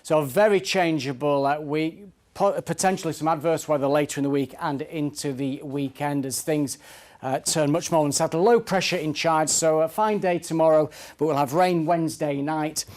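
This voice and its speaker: Male weather presenter, fairly high voice, brisk and friendly, studio sound. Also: steady tone, a little mellow. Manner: brisk, upbeat, conversational. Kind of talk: TV weather forecast.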